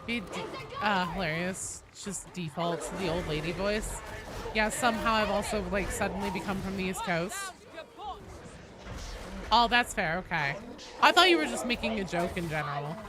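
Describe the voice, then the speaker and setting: A woman's voice: mid-range voice, normal speed. A young woman streaming a game, chatting casually with her chat, answering viewers and swearing now and then. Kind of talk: casual live-stream chat while gaming. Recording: steady background noise behind voice.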